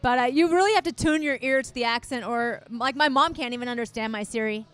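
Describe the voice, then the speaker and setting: Chatty American woman, smooth and dry. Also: on the high side, fast talker, fairly bright tone. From United States. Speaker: podcast co-host. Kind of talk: casual chat.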